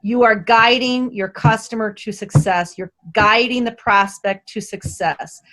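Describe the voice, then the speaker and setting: A woman's voice: a little high, measured pace, bright, forceful tone. A woman who runs a company, speaking as a podcast guest, enthusiastic and emphatic, repeating phrases to stress her points. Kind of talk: casual podcast conversation.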